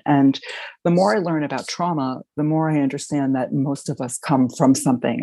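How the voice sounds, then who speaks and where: A middle-aged woman with a husky, gravelly voice shares her recovery story in a halting, emotional manner. Her tone is dark and mellow, and the sound is dry and close. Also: very deep voice, no echo, rough recording. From Baltimore, Maryland. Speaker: recovery meeting speaker. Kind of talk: personal sharing.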